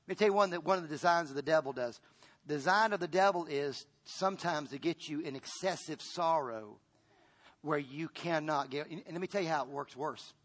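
A fairly high-voiced man delivers a sermon at a brisk clip, alternating loud, pressing lines with quiet ones. In full pastor mode, he repeats himself and restarts phrases.

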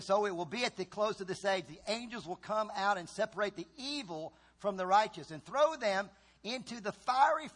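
A high-pitched man preaching a sermon in a church. He drops to slow, quiet lines, then bursts into shouted cries and groans as he acts out the voices of his story. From Virginia. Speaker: pastor.

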